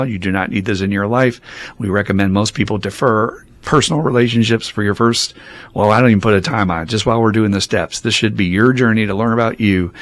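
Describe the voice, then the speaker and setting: A man hosting a recovery podcast, answering listener questions in a frank, conversational way and laughing between points. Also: fairly low pitch. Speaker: podcast host and recovery sponsor.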